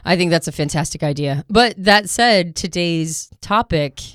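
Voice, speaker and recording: A woman co-hosting a casual podcast, talkative and animated, often laughing as she talks. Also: lowish voice, normal speed, no room sound, clean studio sound. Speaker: podcast co-host.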